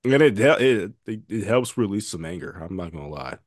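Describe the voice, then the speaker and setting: A man co-hosting a podcast in casual chat, talking in a halting, deadpan way with many fillers. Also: lowish voice, no echo, clean studio sound. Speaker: podcast co-host.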